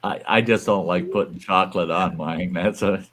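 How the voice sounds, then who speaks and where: A man from the United States hosts a relaxed chat with a somewhat low voice. He talks bluntly, swears freely and breaks into laughter between his stories. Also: moderate pace. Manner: blunt, crude, laughs often. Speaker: host. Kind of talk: casual chat.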